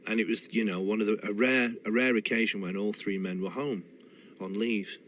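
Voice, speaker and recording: A man's voice: lowish voice, fairly even intonation, fairly quick, fairly bright tone, a little hiss or hum. A man with a Manchester accent, a radio interview guest telling family stories thoughtfully, with hesitant restarts. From Manchester, England. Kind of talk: reflective storytelling in a radio interview.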